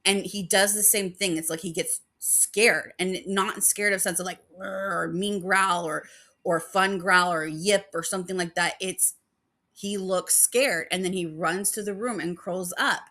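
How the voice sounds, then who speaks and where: Bright-voiced woman, rambling and chatty. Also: lowish voice, steady tone, unhurried. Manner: rambling, lots of fillers; emotional about her dog. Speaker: paranormal channel host. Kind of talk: casual chat.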